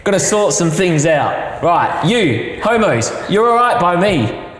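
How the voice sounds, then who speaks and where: A man voices a friendly, breezy God with a put-on English accent. His voice sits high and light, with a chirpy, matter-of-fact delivery. The sound rings with long hall reverb. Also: sing-song, unhurried, a bit bright, full character voice.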